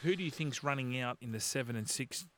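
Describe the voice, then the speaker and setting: A man's voice: mid-range voice, quick pace, fairly bright tone, slight background noise. A man with an Australian accent hosting a sports podcast, teasing his co-hosts and steering the chat. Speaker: podcast host.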